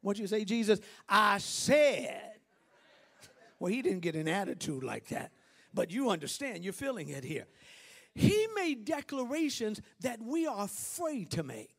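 A man preaching a sermon as bishop. He swings from hushed asides to shouted peaks and laughs and banters with the congregation. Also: sits high, very animated, moderate pace, creaky, slightly rough.

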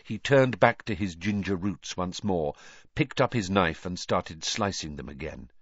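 A man with a low voice narrates a story, and his pitch rises and falls in a lively way. The recording is dry and close, with a dull, muffled top end. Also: a little slow, slightly rough, no room sound. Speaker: audiobook reader. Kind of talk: scripted narration.

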